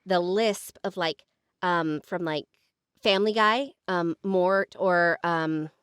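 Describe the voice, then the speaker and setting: A woman, co-hosting a podcast with enthusiastic quick remarks. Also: lowish voice, a bit bright, clean tone, dry recording, clean studio sound. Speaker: podcast co-host. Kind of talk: casual chat.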